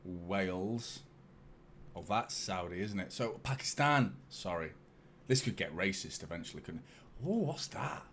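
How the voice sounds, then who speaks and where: A man's voice: low-pitched, expressive, a little slow, fairly bright tone, slight background noise. A young man hosting a fan live stream, chatting casually with viewers, swearing freely and mocking himself. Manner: casual, swears a lot, self-mocking banter with chat. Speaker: fan channel host. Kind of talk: live-stream watchalong chat.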